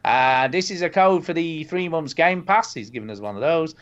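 A man's voice: fairly high pitch, animated, moderate pace, a bit bright, dull audio. A man in his forties hosting a casual podcast, laughing and bantering. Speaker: podcast host. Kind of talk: casual chat.

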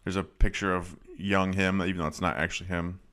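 A man co-hosting a casual movie podcast, talking in a relaxed way with many fillers. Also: sits low, fairly quick. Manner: relaxed, uses lots of "like" fillers. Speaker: podcast co-host.

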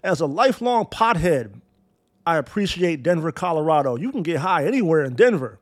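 A man's voice: a little high, very animated, a little fast. A man hosting a sports talk show, ranting bluntly and profanely, with sarcastic strings of insults. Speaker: sports podcast host.

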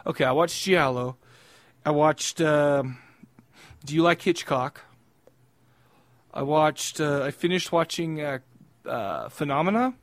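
A young adult man with a fairly high voice co-hosts a podcast. He rambles and laughs through crude, casual banter, close to the mic in a dry room. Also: expressive, measured pace, pauses often, no room sound. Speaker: podcast co-host. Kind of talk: casual chat.

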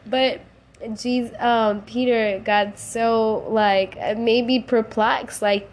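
A woman's voice: fairly high pitch, steady tone, very slow. Emotional woman podcaster praying aloud. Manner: emotional, rising to cries and laughs, casual slang. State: tearful. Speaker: podcast host. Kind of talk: faith podcast monologue.

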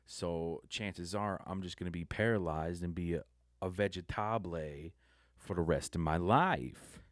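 A man's voice: deep voice, normal speed, no echo, studio quality. A young adult man giving a subdued, rambling confessional monologue that halts and restarts often. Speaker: vlogger.

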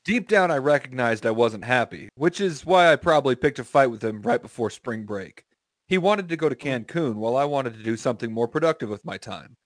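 A man's voice: mid-range voice, expressive, fairly quick, no echo. A man hosting a comedy podcast, reading a story aloud with stiff delivery, tripping over words and swearing casually.

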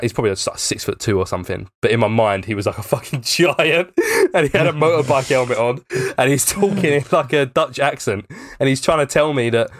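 A man's voice: medium pitch, dry recording. A young man in casual podcast chat, rambling through a story with plenty of fillers and swearing.

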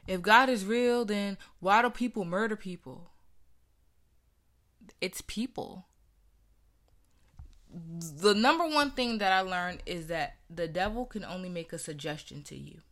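A young woman with a bright, forceful voice tells a personal story in a candid, conversational way. She talks with earnest conviction and acts out the voices of people she quotes. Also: on the low side, animated, unhurried, long pauses.

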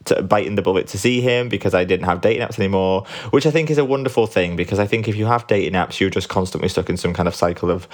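A man hosting a podcast from home at night, sleepy and relaxed, rambling candidly and swearing casually. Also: low voice, fast, few pauses. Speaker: podcast host. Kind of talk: casual solo podcast chat.

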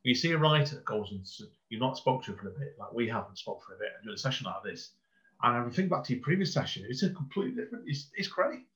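A man's voice: mid-range voice, lively intonation, rapid-fire, a bit bright, poor audio. A man hosting a podcast who chats enthusiastically, rambles and repeats his words. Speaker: podcast host. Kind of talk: casual interview chat.

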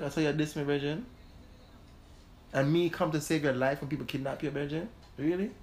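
A man hosting a casual chat and telling a personal story with animated energy. His voice sits a bit high for a man. A faint hum of background noise runs under the talk. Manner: animated, swears, laughs mid-story. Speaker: host.

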